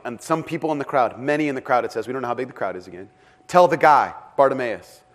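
A man preaching a sermon as pastor, dramatic in delivery and often dropping to a hush for emphasis. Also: mid-range voice, expressive, fast. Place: church with several rooms.

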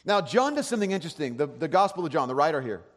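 A man preaching a sermon in a relaxed, conversational way, often checking that the audience is following. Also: on the high side, racing. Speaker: pastor. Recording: long hall reverb.

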